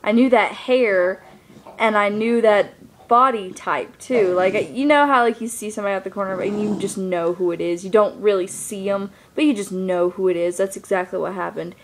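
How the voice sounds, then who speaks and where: A woman's voice: mid-range voice, normal speed, a little hiss or hum. Rambling young woman telling a story. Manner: rambling, lots of fillers like "like" and "you know". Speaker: vlogger. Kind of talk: casual storytelling vlog.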